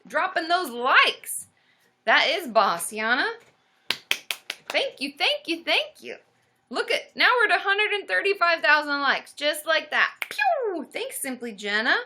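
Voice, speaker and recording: A young woman bubbles through her fan mail in a high, animated voice that swoops up into squeals. Her tone is bright and crisp, and a faint hiss sits under the recording. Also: a little slow. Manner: excitable, squealing, chatty. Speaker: YouTuber opening fan mail. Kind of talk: casual livestream chat.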